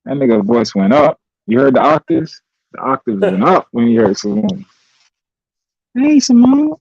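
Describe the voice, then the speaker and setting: A man's voice: mid-range voice, huge pitch swings, normal speed, gravelly, no echo. A man in casual chat, slangy and laughing often, on dull lo-fi audio.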